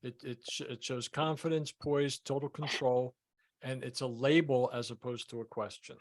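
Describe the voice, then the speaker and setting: A man's voice: medium pitch, fairly even intonation, moderate pace. A man leading a sales coaching session, emphatic, often repeating words as he teaches. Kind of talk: group coaching call.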